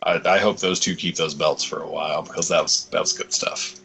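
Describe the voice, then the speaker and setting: A man's voice: very deep voice, fairly quick, vocal fry, slight background noise, rough recording. A young man co-hosting a podcast, rambling and swearing freely as he retells things. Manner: rambling, swears freely, quotes others in animated bits. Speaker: podcast co-host. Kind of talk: casual chat.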